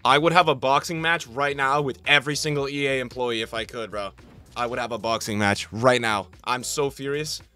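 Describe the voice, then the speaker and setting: A man's voice: medium pitch, moderate pace, clean tone. Frustrated young man streaming a game. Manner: swings from flat grumbling to loud outbursts, swears a lot. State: sore throat. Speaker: gaming streamer. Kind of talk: live gameplay commentary.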